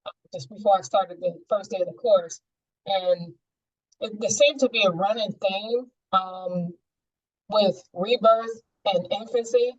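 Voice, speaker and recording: A woman's voice: mid-range voice, unhurried, no echo, muffled recording. A woman sharing a personal experience in a group coaching session, reflective and searching, with many fillers.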